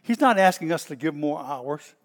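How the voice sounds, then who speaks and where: A middle-aged man with a Southern US accent, a pastor preaching in a folksy, storytelling way that bursts out loud at times. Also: a little high, normal speed, big-room sound. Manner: folksy and animated, stretches words, bursts out loud. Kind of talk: storytelling sermon.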